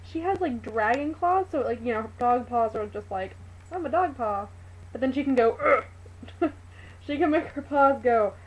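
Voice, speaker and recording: A woman's voice: fairly high pitch, moderate pace, a little mellow, slightly rough, rough recording. A woman vlogging to her webcam at home, rambling and chatty, exasperated with her pet. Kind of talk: casual talk to a webcam.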